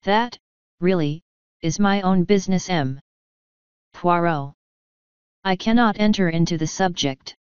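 A woman's voice: fairly low pitch, unhurried, pauses often, smooth, no room sound, lightly acted. A woman voicing a cold, sneering aristocratic English lord, curt and disdainful. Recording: dull dry recording.

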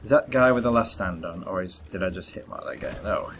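A man's voice: low voice, a little fast, a bit bright, a little hiss or hum. A young man doing live gameplay commentary, talking to viewers and groaning at his misses. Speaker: gaming YouTuber. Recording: faint gunfire and game sounds.

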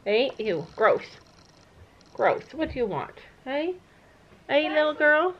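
A woman's voice: sits high, very animated, slow, highs cut off. A middle-aged woman chatting casually in a family vlog, telling funny stories and laughing often. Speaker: vlogger, mother of the family. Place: family home and horse barn.

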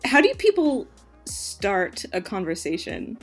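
A woman's voice: medium pitch, very animated, a little slow, faint music behind. A woman guest chatting casually and reading messages aloud, giggly and self-deprecating. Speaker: guest co-host.

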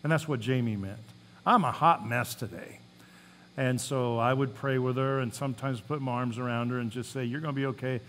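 This sermon comes from a male pastor whose medium-pitched voice is fairly bright and fairly quick, with a touch of hiss or hum in the audio. He builds emphasis while reading scripture, then speaks plainly and spins folksy tales between verses.

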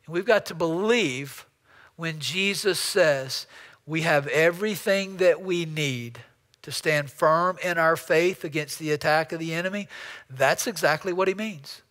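High-voiced pastor in a reverberant church. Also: male voice, a bit bright. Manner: halting, repeats words while building a story. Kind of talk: storytelling sermon. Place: church sanctuary.

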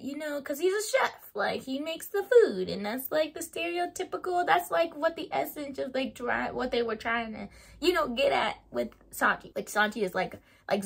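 A woman talking straight to her viewers in a loose, chatty vlog, her voice sitting a little higher than most. She is animated and laughs often, peppering her sentences with fillers as she goes. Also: gravelly, breathy edge. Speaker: YouTuber reviewing a TV show. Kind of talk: casual opinion vlog.

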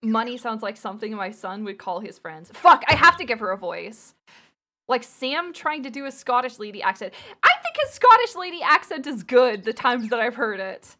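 A woman streams a story game and reads its dialogue aloud. Her voice is high, bright and lively, with a lot of melodic swing. She keeps up giggly, self-mocking banter and swears freely. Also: normal speed.

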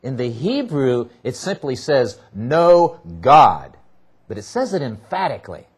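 A man's voice: medium pitch, very animated, normal speed, a little mellow, breathy edge. A man preaching as a pastor, teaching through a Bible passage and hammering key words by repeating them. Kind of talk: expository sermon.

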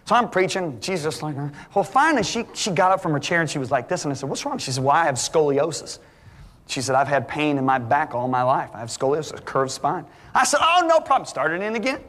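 A middle-aged male preacher giving an animated sermon, full of stories, his voice climbing high for the punchlines. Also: fast talker, few pauses, slight background noise. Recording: long hall reverb.

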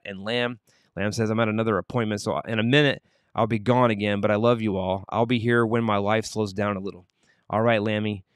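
A man hosts a morning livestream, greeting viewers by name as he reads their comments aloud. He moves easily into earnest prayer. His voice is smooth and resonant, recorded close and dry. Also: medium pitch, no room sound. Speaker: livestream host. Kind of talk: morning show chat and prayer.

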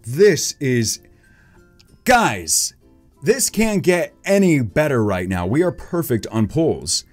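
A man excitedly opening trading card packs on his channel, calling out each card and gasping at rare pulls. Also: a little high, slow pace, faint music behind. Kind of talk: excited unboxing commentary.

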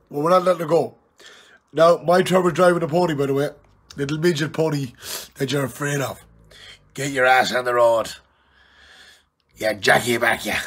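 A tipsy man with an Irish accent on a live stream, loudly teasing and challenging an old friend in rowdy banter. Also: mid-range voice, fairly even intonation, moderate pace, long pauses, slightly rough. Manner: loud, jokey, challenging and teasing. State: tipsy from drinking.

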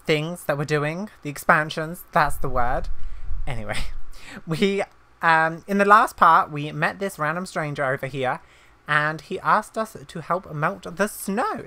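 A woman's voice: low voice, moderate pace, sharp tone. A woman hosting a gaming channel, chatting casually and giggling as she plays. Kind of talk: casual gameplay commentary.

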